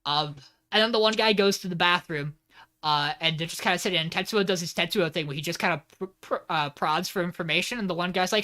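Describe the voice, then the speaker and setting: A man's voice: high voice, quick pace, sharp tone. A man co-hosting a podcast in casual chat. He recaps an episode with lots of filler words and some swearing, and he acts out the lines of the characters. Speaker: podcast co-host.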